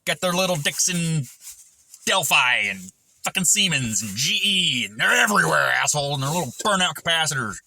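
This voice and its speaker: A man's voice: fairly high pitch, sing-song, moderate pace, vocal fry, pushed and bright. A middle-aged man and machinist vlogger rambling in a crude, profane monologue, swearing constantly and jumping from one tangent to the next.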